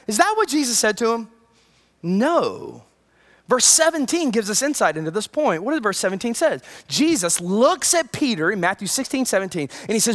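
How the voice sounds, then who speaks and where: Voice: medium pitch, normal speed. A preacher delivering a sermon in a conversational way, with asides and retold scripture. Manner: conversational, animated, with many asides.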